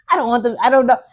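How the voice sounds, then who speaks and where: A man's voice: very high-pitched, no echo. A man co-hosting a podcast, telling a story in casual chat, laughing often and acting out the people in it. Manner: animated, laughs often, acts out voices in stories. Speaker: podcast co-host.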